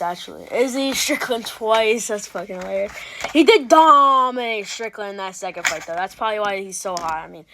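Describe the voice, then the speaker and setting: A woman's voice: medium pitch, a bit bright, a little hiss or hum. A woman hosting an MMA reaction video, talking in a loose, rambling way with restarts and casual swearing.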